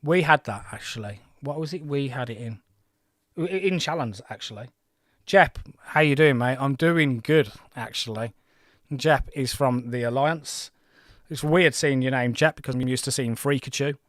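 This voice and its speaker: A man's voice: mid-range voice, normal speed, a bit bright, no room sound, clean studio sound. A man in his forties hosting a gaming livestream, chatting in a rambling, self-deprecating way. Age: 40s. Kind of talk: casual livestream commentary.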